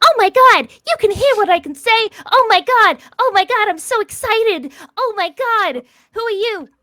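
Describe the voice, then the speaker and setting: Squeaky overjoyed pet dog, bright sharp tone, gushing exclamations. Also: female voice, expressive, unhurried, dry recording, clean studio sound, full character voice. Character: excitable friendly female dog, overjoyed.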